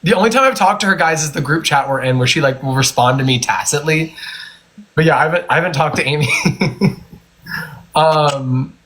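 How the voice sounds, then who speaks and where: Chatty and rambling, a man runs a casual phone livestream from his home and laughs a lot. His voice is a little high and fairly bright, his delivery brisk with frequent pauses.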